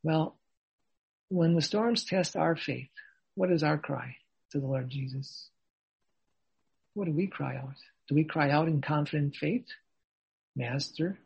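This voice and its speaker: A man preaching a sermon in a measured, earnest way, posing questions to his listeners. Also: a little high, vocal fry, darkish tone, breathy edge, poor audio.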